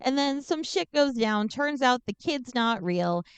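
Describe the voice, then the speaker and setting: A woman's voice: sits high, a little slow, smooth, no echo. A woman podcast co-host recapping a movie plot in a casual, joking, sarcastic way. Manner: joking, sarcastic, animated storytelling.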